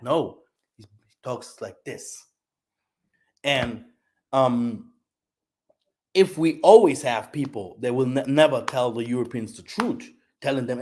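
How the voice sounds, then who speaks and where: A man speaking as a delivers heated political commentary to his channel audience. His voice sits at an ordinary middle pitch, and he swings between loud bursts and quiet asides. He often repeats words and checks in with a "yeah?". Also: slow pace, long pauses. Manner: repeats words, frequent tag questions "yeah?". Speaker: channel host.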